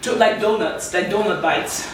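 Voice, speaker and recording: A woman's voice: medium pitch, moderate pace, a little hiss or hum. A woman, host of a casual food chat, patiently explaining dishes step by step. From Nigeria. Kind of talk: casual chat over a home-cooked meal. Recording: echoey room, distant mic.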